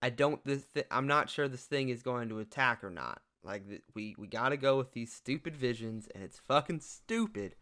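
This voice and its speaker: A man's voice: medium pitch, lively intonation, moderate pace, hardly any pauses, sharp tone. A man playing a tabletop game in character, talking emphatically, swearing and laughing a lot.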